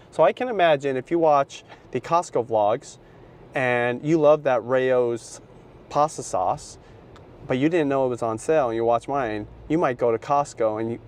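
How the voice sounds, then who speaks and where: A man's voice: mid-range voice, a little mellow. A middle-aged man, a vlogger, chatting casually and in a slangy, laid-back way to the camera. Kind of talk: casual vlog talk to camera.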